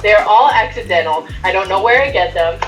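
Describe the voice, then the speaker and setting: A woman co-hosting a casual podcast chat, self-mocking and quick to laugh. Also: mid-range voice, expressive. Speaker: podcast co-host. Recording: echoey room, faint music.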